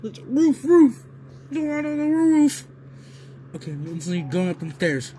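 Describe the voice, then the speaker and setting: High, lively-voiced man yelling over gameplay. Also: normal speed, slight background noise. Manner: yelling, laughing and pleading at opponents. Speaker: gaming video creator. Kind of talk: excited gameplay commentary.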